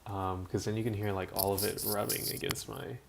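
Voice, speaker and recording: A man live-streaming casually from home, mumbling while adjusting his audio settings, his throat rough enough that he keeps clearing it. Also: lowish voice, level tone, a little fast, noisy background. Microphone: built-in webcam or laptop mic.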